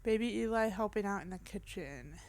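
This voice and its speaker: A woman's voice: mid-range voice, expressive, brisk, darkish tone. A young woman gamer giving casual, chatty let's-play commentary on a horror game, reacting as she goes and joking at her own expense. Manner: chatty, reactive, self-deprecating.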